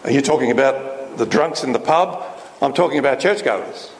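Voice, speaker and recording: A man's voice: mid-range voice, expressive, normal speed. A man preaching a sermon with emphatic delivery and frequent rhetorical questions. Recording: echoey hall with faint noise.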